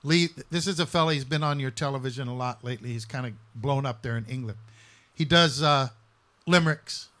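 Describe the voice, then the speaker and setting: A man's voice: mid-range voice, a little fast, fairly bright tone. A man co-hosting a casual show, reading out jokes and introducing a clip. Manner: reads out jokes sent in and sets up clips. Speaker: podcast co-host.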